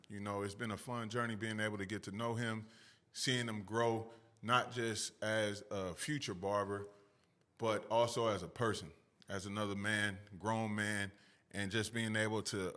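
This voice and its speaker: A man's voice: fairly low pitch, a bit bright. Upbeat slangy podcast host, man. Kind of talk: casual interview talk.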